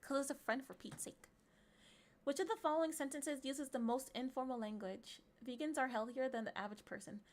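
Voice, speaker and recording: Playful high-voiced woman streamer. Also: a little fast. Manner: playful and teasing, often breaking into giggles; reads options aloud, sometimes trailing into murmurs and whispers. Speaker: livestreamer. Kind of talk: casual livestream chat, reading quiz questions aloud.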